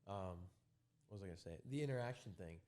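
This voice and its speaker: A young man in a casual chat, earnestly explaining social media marketing and pausing to find his words. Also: lowish voice, lively intonation, a little mellow. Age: young adult. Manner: earnest, trails off and searches for words.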